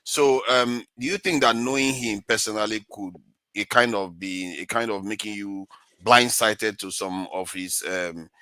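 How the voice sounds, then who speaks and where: A man hosting and calmly moderating a heated debate. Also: fairly low pitch, clear, resonant tone, no room sound. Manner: calm, measured, steering speakers. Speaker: host.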